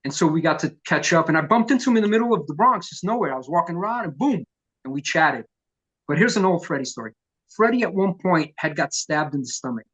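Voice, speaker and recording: A middle-aged man, a punk vocalist telling profane, lively stories in an oral history interview. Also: on the high side, fast talker, breathy edge, lo-fi sound. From New York. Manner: profane, animated storyteller who acts out quotes.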